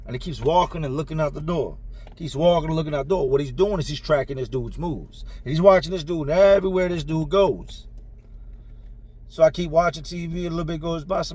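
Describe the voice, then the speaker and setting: A man's voice: fairly high pitch, brisk. A man telling a first-person story in a casual way, acting out the dialogue with slang. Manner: animated, acts out dialogue with slang.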